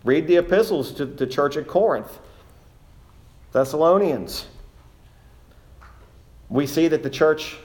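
A man's voice: on the high side, lively intonation, slow, long pauses, darkish tone. A man preaching a sermon as pastor, earnest, reading scripture aloud in old King James wording.

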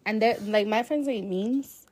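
A young adult woman hosts a podcast on a solo mic, telling a personal story in a candid, chatty way packed with fillers and swearing. Her voice is fairly high and a little mellow, and she takes her time.

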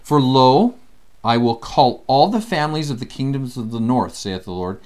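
A man leading a casual scripture study lesson, animated and acting out the voices he quotes. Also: medium pitch, normal speed.

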